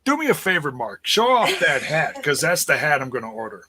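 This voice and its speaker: A joking man with a bright, fairly high voice, chatting on a wrestling review show. He stumbles and restarts his sentences as he talks, keeping the tone light. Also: big pitch swings, fairly quick. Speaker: podcast co-host. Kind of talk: casual wrestling review chat.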